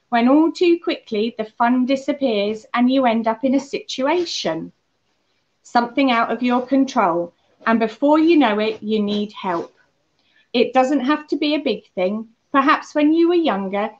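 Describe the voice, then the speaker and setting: A woman leading a children's holiday club, telling a story and talking gently to the kids. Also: a little high. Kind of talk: children's talk on a Bible lesson. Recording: muffled lo-fi church recording.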